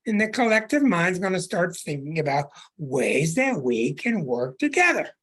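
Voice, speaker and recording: A man's voice: high voice, sing-song, normal speed, fairly bright tone, slightly rough. A man hosting an astrology show, talking in an earnest, preaching monologue, stretching words for emphasis and restarting phrases. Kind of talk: podcast monologue.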